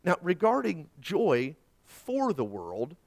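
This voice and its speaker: Male pastor in his thirties, high and animated delivery, stammering repeats when excited. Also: takes it slowly, vocal fry. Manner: dramatic storytelling with big swings in pitch and loudness. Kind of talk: sermon.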